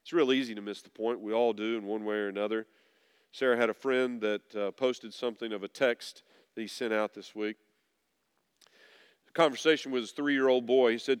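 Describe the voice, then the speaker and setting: A pastor preaching a sermon, dropping low and soft at times, then rising loud to press a point. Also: male voice, moderate pace, clean tone. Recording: long reverb of a large hall.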